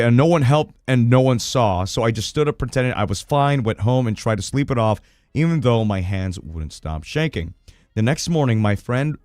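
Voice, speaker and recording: A man hosting a livestream, reading viewers' horror stories aloud in an excitable, swearing, laugh-filled way. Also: mid-range voice, no echo, clean studio sound. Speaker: streamer host.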